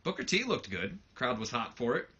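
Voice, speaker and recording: A man's voice: mid-range voice, very animated, moderate pace, pushed and bright, slightly rough. A man giving casual let's play commentary on a wrestling game, rambling loosely with lots of fillers, on a slightly muffled mic.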